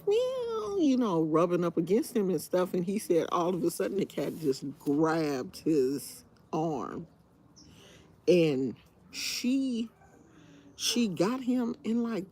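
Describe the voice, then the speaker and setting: A woman hosting a live stream, telling a story in a casual, animated way and laughing often. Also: fairly low pitch, husky.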